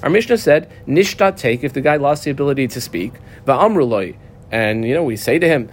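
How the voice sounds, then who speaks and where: A man's voice: medium pitch, animated, brisk, slight background noise. Man teaching a Talmud page, step by step. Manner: explains step by step, reading text then translating, with many fillers.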